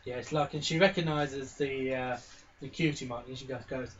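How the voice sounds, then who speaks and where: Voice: mid-range voice, steady tone, moderate pace, dull audio, slight background noise. A game master narrating a pony tabletop role-playing game in a rambling, casual way full of fillers.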